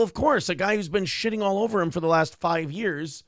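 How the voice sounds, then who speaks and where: A man's voice: high-pitched, a little fast, no echo, studio quality. A man co-hosting a talk show, giving blunt, profane commentary and ranting about the people in the clips. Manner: blunt, ranting, mocks others with put-on voices. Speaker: morning show co-host.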